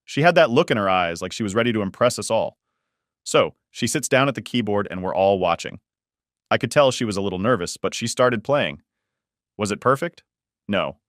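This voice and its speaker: A man's voice: on the low side, a bit bright, no room sound, studio quality. A man narrating a first-person family story in a casual, blunt way that swears freely.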